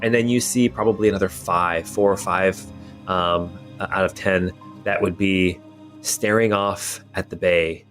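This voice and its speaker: A man's voice: low-pitched, steady tone, a little slow, fairly bright tone, faint music behind. A man narrating a tabletop role-playing game as game master, describing scenes loosely with many fillers.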